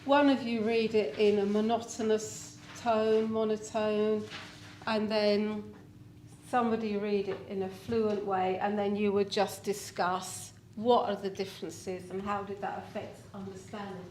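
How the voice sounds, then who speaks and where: A woman's voice: medium pitch, little pitch movement, a little slow, a little mellow. Woman lecturer, workshop leader, practical and instructive, mic far off in a noisy room. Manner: practical, gives step-by-step tasks to the audience. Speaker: teacher-education lecturer leading a workshop. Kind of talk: conference workshop talk. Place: large conference room. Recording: roomy distant recording with background noise.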